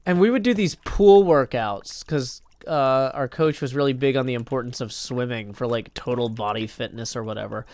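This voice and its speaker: Male streamer from Tennessee, casual live-stream chat, rambling storyteller, mid pitch. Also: normal speed, hardly any pauses, darkish tone. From Tennessee, United States. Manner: rambling storyteller, many "like"s and restarts. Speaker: live streamer playing a block-building game.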